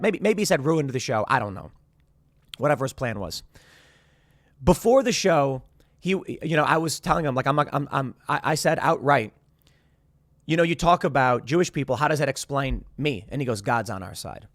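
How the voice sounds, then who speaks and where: A man's voice: a little high, no echo, studio quality. A man in his thirties hosting a show, talking casually and rambling through restarts as he recounts a guest's exit. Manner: rambling, restarts, quotes others in animated asides. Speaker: show host. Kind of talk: casual commentary to camera.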